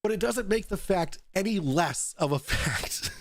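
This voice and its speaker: A male host launches into a profane, mocking rant, a little tipsy from the shots he keeps taking. His pitch sits a touch high and leaps about animatedly. The sound is dry and close, with no room around it. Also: animated, a little slow, vocal fry, dry recording. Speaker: talk show host. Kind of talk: ranting commentary.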